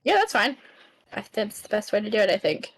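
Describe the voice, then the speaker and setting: A young woman co-hosting a podcast, easygoing and quick to laugh as she steers the talk. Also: medium pitch, sing-song, poor audio. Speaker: podcast co-host. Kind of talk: casual chat.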